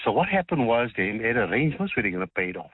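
A man from South Africa calls in to a radio show and tells his story politely. His husky voice moves a lot in pitch. It comes through a tinny phone line. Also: very animated, fast talker, no echo. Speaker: caller.

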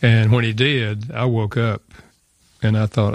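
An older man with a gravelly, creaky texture recounts a personal story as a guest author. He speaks earnestly and reflectively, with small fillers. The sound is dry and close. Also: lowish voice, little pitch movement, a little slow, no room sound. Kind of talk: personal storytelling in a radio interview.

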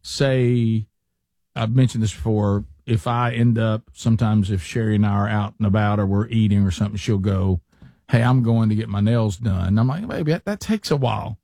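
A man's voice: fairly low pitch, level tone, normal speed, dark tone, dry recording, clean studio sound. A man, hosting a talk radio show and telling stories in a rambling, self-deprecating way. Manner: rambling, self-deprecating storyteller with many restarts. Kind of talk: casual talk radio banter.

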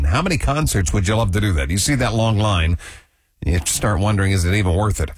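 A man hosting a morning radio show, chatting in a lively, joking way. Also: lowish voice, a little fast, dry recording.

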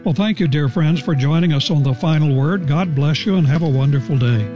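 A man teaching the Bible verse by verse on a radio program, earnest and deliberate, stressing key words. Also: a little high, warm tone, highs cut off, soft background music.

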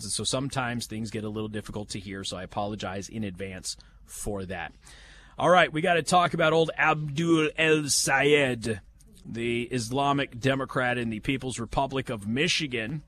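A man's voice: mid-range voice, fairly bright tone. A man hosting a live talk radio show from an event venue, chatting in a folksy, opinionated way with sarcastic asides. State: has the hiccups. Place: live remote broadcast from a banquet venue.

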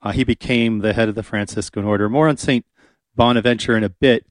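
A man's voice: on the low side, steady tone, brisk, no echo. Chatty male radio talk host, dry studio. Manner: chatty, rambling, many fillers.

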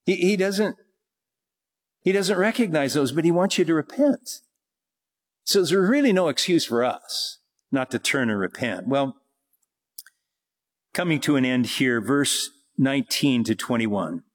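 A man delivers a sermon at an unhurried, deliberate pace. His voice is husky and a little rough around the edges. He reads scripture and then talks it through plainly. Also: a little high, lively intonation. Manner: slow, reflective Bible teaching with scripture readings and asides. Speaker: preacher.

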